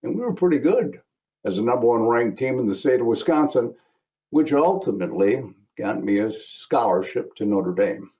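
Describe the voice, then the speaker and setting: Older guy giving a speech, mellow voice, storyteller, kinda muffled lo-fi sound. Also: mid-range voice, lively intonation, moderate pace. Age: 70s. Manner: storytelling with wry asides. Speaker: guest speaker. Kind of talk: remembrance speech.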